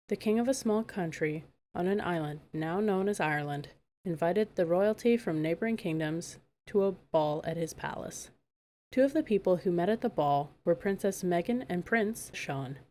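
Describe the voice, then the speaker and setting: A woman narrating a fairy-tale audiobook in a calm, measured way. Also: lowish voice, slight background noise. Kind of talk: storybook narration.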